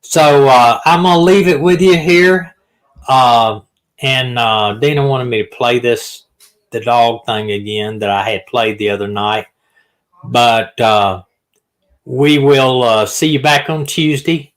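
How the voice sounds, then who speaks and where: A man, signing off as host in a relaxed, folksy way. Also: medium pitch, takes it slowly.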